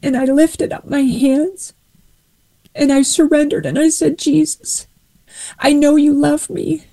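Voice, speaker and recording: A woman with a high voice and a soft, mellow tone shares her faith testimony. She retells Bible stories in an earnest, emotional, vivid way. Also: steady tone, a little slow, creaky, rough recording. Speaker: guest sharing her testimony.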